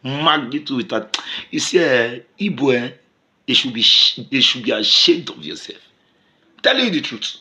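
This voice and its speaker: A man with a Nigerian accent giving impassioned commentary to camera, emphatic and repetitive, swinging from loud outbursts to low mutters. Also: very animated, moderate pace. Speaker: vlogger.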